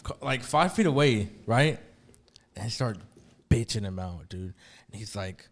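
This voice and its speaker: A man's voice: mid-range voice, expressive, normal speed. A young man co-hosting a casual podcast, telling a story about a police stop, swearing freely and acting out both sides. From LaPorte area, US. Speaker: podcast host.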